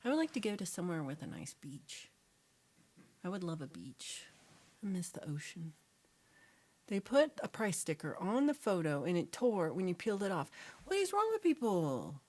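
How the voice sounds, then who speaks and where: A woman from Texas hosting a casual livestream chat, reading viewer comments in a chatty, animated way and sometimes dropping to a whisper. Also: fairly low pitch, normal speed. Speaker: livestream host.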